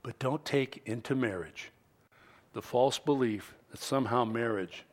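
A man preaching a sermon as pastor, stressing key phrases loudly and then dropping low and quiet, repeating lines for effect. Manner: slow, deliberate delivery with repeated phrases.

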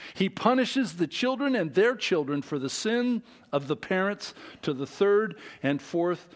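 A man preaching a sermon, slow and emphatic, reading scripture aloud and swinging between loud, raised lines and hushed, low ones.

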